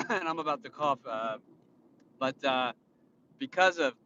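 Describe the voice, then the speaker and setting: A man's voice: mid-range voice, unhurried, sharp tone. Rambling, indignant man vlogging from a car. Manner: rambling, with many fillers and restarts; indignant, lecturing tone. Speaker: vlogger and father. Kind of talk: casual vlog monologue. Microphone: phone filming himself. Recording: muffled, with road noise. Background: vehicle noise.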